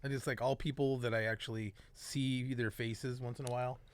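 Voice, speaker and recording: A man's voice: medium pitch, little pitch movement, a little fast, crowd noise. A man co-hosting a comedy podcast, joking around and reading a listener's post aloud in casual chat. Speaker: podcast co-host.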